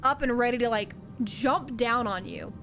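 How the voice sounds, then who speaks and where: A woman running a tabletop game, describing the action in loose, filler-heavy narration. Her voice sits a little on the high side. Faint music plays behind her. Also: normal speed, fairly bright tone. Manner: rambling, filler-heavy, laughing. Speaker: game master.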